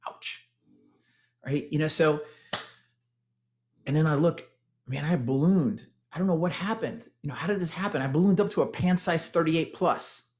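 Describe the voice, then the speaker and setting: Energetic Texan man giving a testimonial. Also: a little high, moderate pace, pauses often. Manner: energetic, addresses audience as "guys". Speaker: former tech executive sharing his testimonial. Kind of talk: motivational testimonial talk.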